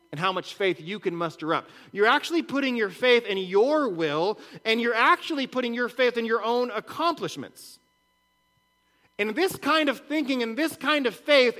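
A man's voice: high-pitched, a bit bright. A man preaching a sermon in a conversational way, with rhetorical questions and repeated words. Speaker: pastor.

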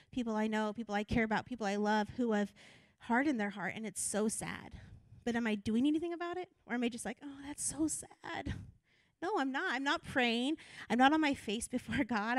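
A woman's voice: a little high, no room sound. A woman assistant pastor preaching a sermon in an earnest, conversational way that builds to urgent appeals.

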